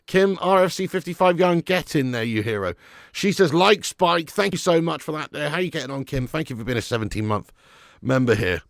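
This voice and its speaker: Man, live football watch-along host, chatty, sarcastic, gravelly voice, dry close sound. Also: medium pitch, expressive, a little fast, dry recording. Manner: chatty and sarcastic, greets viewers by name.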